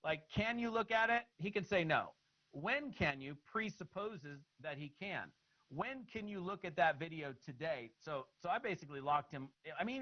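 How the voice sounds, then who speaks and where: A man giving an instructional talk on follow-up calls, acting out both sides of the conversations in an animated way. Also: fairly high pitch, highs cut off. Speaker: network marketing trainer.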